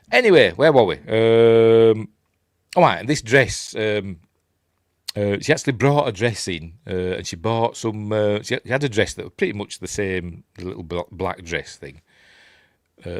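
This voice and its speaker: A man's voice: lowish voice, no echo, studio quality. A man with a Yorkshire accent hosting a casual film breakdown, rambling and chuckling as he acts out the characters' lines. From Yorkshire, England. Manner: rambling and chatty, chuckling, acting out quoted lines in raised voices. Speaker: film review host.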